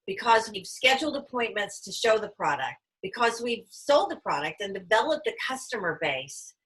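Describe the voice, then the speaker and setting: A woman's voice: on the high side, fairly bright tone, breathy edge, poor audio. A woman giving an earnest sales talk on a video call and explaining her points with everyday examples.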